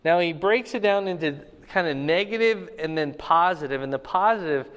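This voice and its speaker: A male pastor teaching a sermon in a conversational way, stopping often to ask "okay?" and slowing down to stress key words. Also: a little high, animated, a bit bright, big-room sound.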